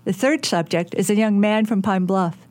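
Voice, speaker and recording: A woman radio reporter reading a news feature in a measured, clear manner. Her voice sounds close and dry, with no room sound. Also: mid-range voice, a little mellow, no echo. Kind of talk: scripted news narration.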